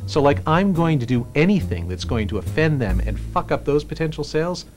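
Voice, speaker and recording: Man, film producer, mockumentary interview, ranting, sarcastic, animated pitch, music behind. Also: fairly quick.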